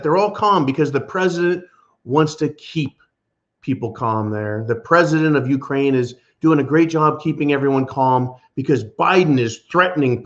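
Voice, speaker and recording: A man's voice: medium pitch, highs cut off. A man hosting a preparedness channel, ranting sarcastically and emphatically in political commentary, often calling listeners "folks".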